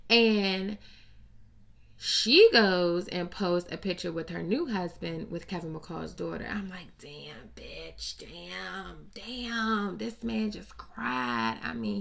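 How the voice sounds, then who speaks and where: A woman hosting casual celebrity gossip commentary, blunt and profane, with an animated, sassy delivery. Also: on the low side, vocal fry. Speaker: host.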